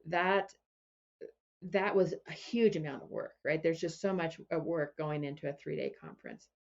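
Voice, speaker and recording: A woman business coach and podcast guest, telling stories in a relaxed way and often restarting her phrases. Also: low-pitched, moderate pace, vocal fry, highs cut off. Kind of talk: casual interview chat.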